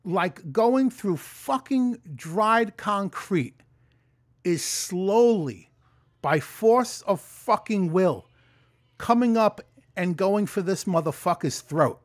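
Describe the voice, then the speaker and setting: New man, cursing storyteller, fairly high voice, dry close mic, home vlog. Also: takes it slowly, no room sound. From New York. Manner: profane, animated storytelling. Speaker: vlogger. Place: room at home. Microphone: close mic in front.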